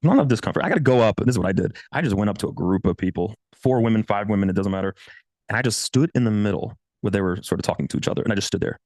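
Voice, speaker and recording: A man's voice: very fast, no echo. A man in his thirties giving blunt, profane dating advice in a casual coaching monologue. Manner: blunt, profane, animated, swings pitch for quoted voices.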